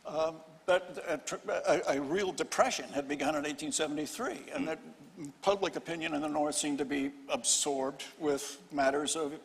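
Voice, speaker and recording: An older historian on a panel speaks slightly high for a man, telling a story in stop-start phrases with dry humor. The live hall gives his voice a long, trailing reverb. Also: fairly even intonation, creaky. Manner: halting, many restarts, wry storytelling. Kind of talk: panel discussion.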